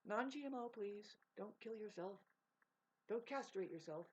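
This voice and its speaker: A woman's voice: medium pitch, animated, measured pace, darkish tone, breathy edge. A woman vlogging in a rambling, profane casual monologue, laughing mid-sentence. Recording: dull lo-fi sound.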